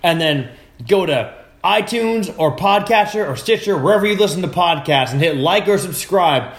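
A man's voice: high voice, expressive, normal speed, echoey room. A man hosting a podcast, telling stories in casual chat, rambling and swearing a lot. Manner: rambling, profane storytelling. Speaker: podcast host.

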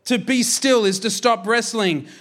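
High-voiced man preaching a lively sermon. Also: measured pace. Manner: energetic, jokey, conversational preaching. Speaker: pastor.

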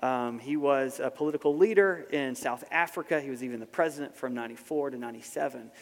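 Conversational pastor preaching in a reverberant hall. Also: male voice, medium pitch, quick pace. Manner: conversational, asks the audience rhetorical questions. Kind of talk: sermon. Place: large hall with a live congregation.

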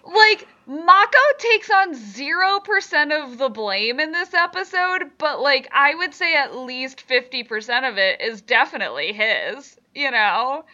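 High, bright-voiced woman ranting animatedly. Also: a little slow, hardly any pauses, muffled recording. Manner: animated, swears, acts out quotes. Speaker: podcast co-host. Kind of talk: casual recap chat.

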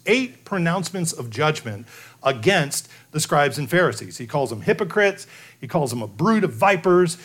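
A man preaching an expository sermon, emphatic, slowing to dramatic phrases for weight. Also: on the high side, a bit bright, husky.

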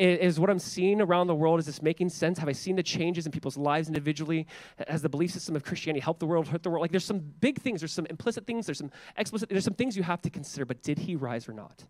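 A man pastor giving an animated, conversational sermon, acting out quotes in a playful way. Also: high voice, no room sound.

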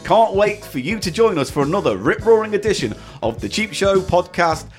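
A man's voice: high-pitched, very animated, brisk, soft background music. A man hosting a comedy podcast, rambling playfully through a self-mocking intro. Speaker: podcast host.

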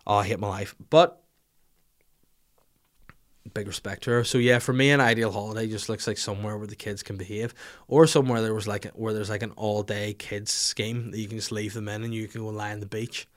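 A man's voice: on the low side, steady tone, normal speed. A man, hosting a podcast in casual, rambling comic banter full of crude jokes. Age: 30s. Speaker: podcast host. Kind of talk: casual chat.

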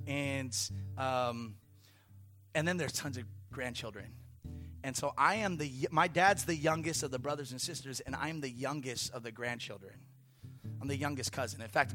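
Bright-voiced male pastor preaching. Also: medium pitch. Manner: animated storytelling with playful asides. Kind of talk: conversational sermon.

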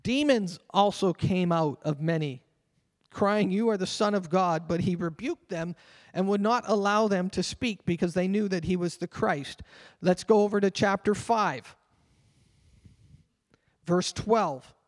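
High-voiced preaching man, church reverb. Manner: earnest preaching, slows down to read scripture aloud. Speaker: pastor. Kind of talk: sermon. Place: church sanctuary. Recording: long reverb of a church hall.

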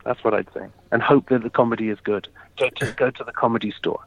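A man's voice: medium pitch, steady tone, fast talker, no echo. Hesitant man on dull, dry audio. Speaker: interview guest. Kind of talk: casual interview answers. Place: lives in London.

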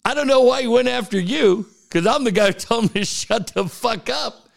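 A middle-aged man co-hosting a podcast, telling stories in casual chat, animated and profane, often laughing as he talks. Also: very high voice, normal speed, creaky. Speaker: podcast co-host.

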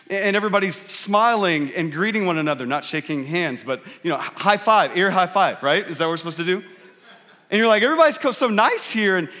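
Middle-aged pastor guy preaching, kinda high voice, chatty storytelling, big echoey church hall. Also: a bit bright. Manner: conversational storytelling, asks the congregation questions. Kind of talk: sermon. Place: church sanctuary. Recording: reverberant hall.

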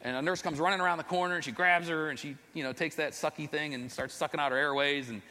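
Earnest man, higher and bright voice, telling a rambling personal story; reverberant hall recording. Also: steady tone, fast. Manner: earnest, rambling, self-deprecating. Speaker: father telling his faith testimony. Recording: long reverb, echoey hall.

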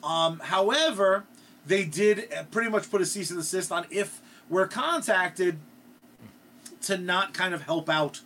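A man's voice: high-pitched, a little slow, pushed and bright. A male podcast co-host in casual comedic chat, rambling and hesitant, with crude jokes and many asides.

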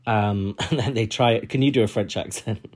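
A man's voice: fairly low pitch, a little fast, a little mellow. A young man chatting casually as a podcast co-host, rambling and laughing often. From United Kingdom. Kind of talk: casual chat.

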